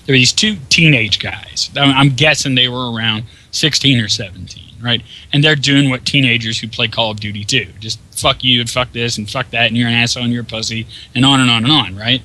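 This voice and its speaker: A man ranting over his gameplay in a profane, exasperated manner. His voice is very bright and sharp, at a middling pitch. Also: a little fast, hardly any pauses, poor audio. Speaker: gameplay commentator. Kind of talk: casual ranting commentary.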